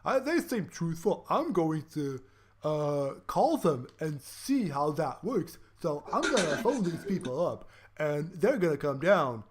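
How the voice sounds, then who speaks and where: A man playing a gruff middle-aged cop with offhand, casual delivery. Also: fairly high pitch, sing-song, measured pace, a little hiss or hum.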